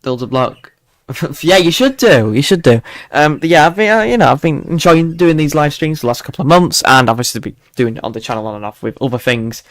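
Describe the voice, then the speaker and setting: A man's voice: fairly high pitch, expressive, a little fast, dry recording. Chatty man with a mild Yorkshire accent. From Yorkshire, England. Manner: rambling, chatty, many fillers and restarts. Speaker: weather channel host. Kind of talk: casual live-stream forecast chat.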